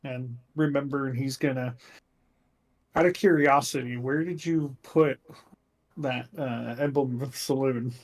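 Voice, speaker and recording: A man playing a tabletop game, speaking his character's farewells in a solemn, measured way. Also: mid-range voice, steady tone. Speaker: player. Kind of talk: in-character tabletop role-play.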